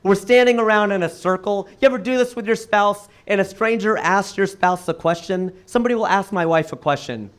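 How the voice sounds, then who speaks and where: A middle-aged man performing a stand-up comedy set on a club stage, with an animated, punchy delivery. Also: brisk, few pauses. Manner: animated, punchy delivery with sudden jumps in pitch.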